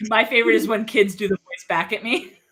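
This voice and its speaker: A young woman chatting casually in an interview, bubbly and giggly with quick asides. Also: mid-range voice, steady tone, a bit bright. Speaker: game master.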